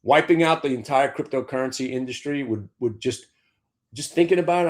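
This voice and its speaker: Brash male market host, fifties, profane and sarcastic, mid-pitched voice. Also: a little fast. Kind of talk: opinionated trading talk.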